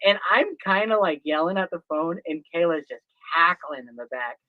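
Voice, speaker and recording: A man with a high voice tells stories in a casual chat, acting out his own side of a call and laughing easily. The sound is dry and a little muffled, like stream audio. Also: normal speed, no echo. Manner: animated storyteller, acts out phone calls, laughs easily.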